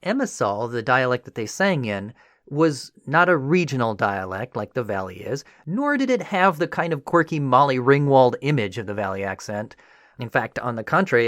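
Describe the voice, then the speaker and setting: The history podcast host here has a medium-pitched voice and talks at a normal speed, in clean studio sound without room echo. His narration feels like conversation, animated and sprinkled with "you know" asides.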